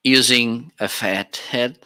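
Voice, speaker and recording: Slow, bright-voiced man demoing microphones. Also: mid-range voice, fairly even intonation, no echo. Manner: chatty, tests gear aloud with counting and laughs. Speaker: product reviewer hosting a live shopping stream. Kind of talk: casual live-stream product demo. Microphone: swapping between studio microphones.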